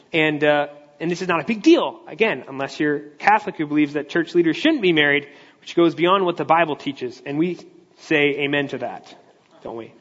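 A man preaching a sermon in a relaxed, conversational way. He explains each point at length, often restarting his sentences. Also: on the high side, breathy edge. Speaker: pastor. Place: large church hall. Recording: echoey hall, dull lo-fi sound.

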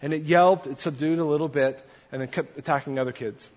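A man's voice: a little high, a little fast, slight background noise. A man giving a conversational sermon as a pastor, putting questions to his congregation. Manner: conversational, asks the audience questions. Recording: dull long-reverb church hall.

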